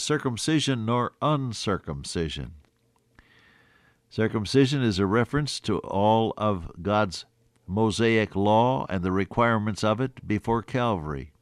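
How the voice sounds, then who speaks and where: An older man preaching a sermon, earnest and folksy, rising to emphatic peaks and then dropping soft. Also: low-pitched, no room sound, clean studio sound.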